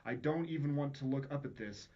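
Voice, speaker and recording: A man's voice: mid-range voice, warm tone, lo-fi sound, natural voice. A man reading as a panicked hypnotized man. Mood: scared. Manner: halting, repeating himself in panic. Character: terrified adult man under hypnosis.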